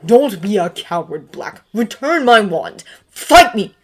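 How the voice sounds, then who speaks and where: A woman voicing a bitter, cornered teenage wizard who snarls and shouts defiance, in a read-aloud fan story. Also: on the high side, sing-song, moderate pace, voice pushed up. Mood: defiant.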